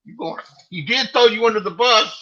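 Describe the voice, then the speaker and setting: Husky teasing older man on a stream. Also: high-pitched, normal speed, sharp tone. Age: middle-aged. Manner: teasing, exclaiming, repeats himself. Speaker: livestream commentator. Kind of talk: casual online chat. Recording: slightly dull lo-fi stream audio.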